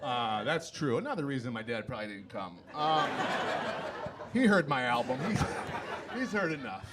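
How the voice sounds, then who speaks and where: A man doing a stand-up routine, telling self-mocking stories in an animated way. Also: medium pitch, normal speed, heavy background noise. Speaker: stand-up comedian.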